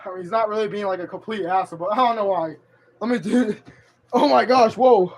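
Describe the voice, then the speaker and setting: A man's voice: high voice, a little fast, a little mellow. A young man live streaming from home on his phone, chatting to his cat in slangy, profane speech. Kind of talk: casual live stream chat.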